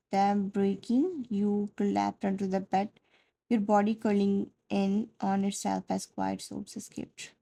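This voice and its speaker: A woman narrating a second-person fan fiction story in a soft, dramatic storytelling manner. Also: medium pitch, creaky, rough recording.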